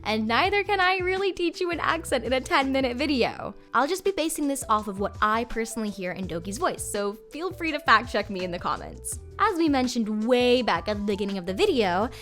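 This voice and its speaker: A woman's voice: on the high side, expressive, fairly quick, few pauses, a bit bright, faint music behind. A woman hosting a voice-acting tutorial, explaining things in an upbeat, chatty way. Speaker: voice coach host.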